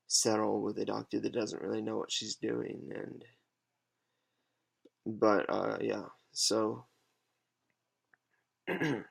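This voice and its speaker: Gravelly, hesitant young man. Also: fairly low pitch. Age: 20s. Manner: halting, hesitant, many pauses and fillers. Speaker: patient advocate vlogger. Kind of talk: casual unscripted monologue. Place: alone at home.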